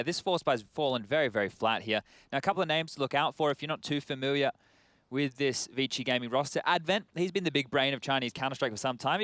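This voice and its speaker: Fast-talking esports caster. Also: male voice, medium pitch, fairly bright tone. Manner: chatty, fast, explanatory. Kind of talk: live colour commentary.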